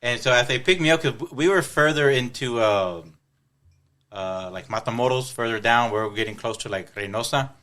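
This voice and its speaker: A man's voice: mid-range voice, normal speed, fairly bright tone. A man telling long personal stories in casual podcast chat, often restarting and repeating words. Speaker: podcast co-host.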